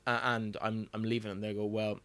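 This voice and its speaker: A man's voice: fairly low pitch, level tone, fast talker, sharp tone. A man with an Irish accent hosting a casual interview, sharing laid-back anecdotes. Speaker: podcast host.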